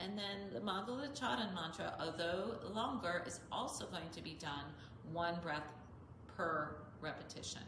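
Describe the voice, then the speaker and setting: A woman yoga teacher explaining mantras in a steady, guiding way and demonstrating the chants. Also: lowish voice, moderate pace. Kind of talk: calm instructional talk with chanted mantras. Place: yoga studio. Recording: echoey room with clear background noise.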